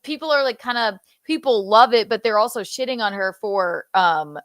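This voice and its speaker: A woman's voice: a little high, a bit bright, no echo, clean studio sound. A woman hosting a podcast in casual chat, drawing out words and laughing often. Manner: drawn-out, laughing, gossipy. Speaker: podcast host.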